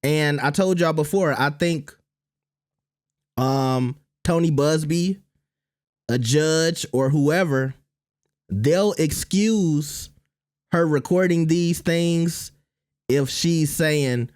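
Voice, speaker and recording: A man giving solo commentary, addressing viewers directly and deliberately. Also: fairly high pitch, no echo, clean studio sound.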